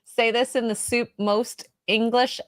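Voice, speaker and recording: Woman co-host, fairly high voice, playful, laughs a lot, casual chat. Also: level tone, unhurried, no echo, clean studio sound. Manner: playful, laughs a lot, hams up French menu words. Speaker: podcast co-host.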